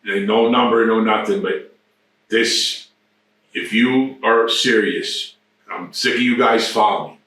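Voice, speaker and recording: A man's voice: on the low side, steady tone, a little slow, fairly bright tone. Profane older man, echoey and distant. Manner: profane, rambling anecdotes. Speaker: interview guest. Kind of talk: casual storytelling. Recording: very echoey room, distant mic.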